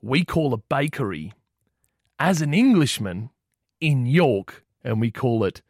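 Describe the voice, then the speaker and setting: Joking podcast host. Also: male voice, mid-range voice, big pitch swings, a little slow, a little mellow, no echo, clean studio sound. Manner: laughing, joking. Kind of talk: casual podcast banter.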